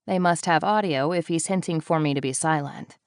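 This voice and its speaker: Woman narrator, lowish voice, wry and deadpan, dry close studio sound. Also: fairly quick, clean tone, no echo. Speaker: audiobook narrator. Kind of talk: first-person audiobook narration.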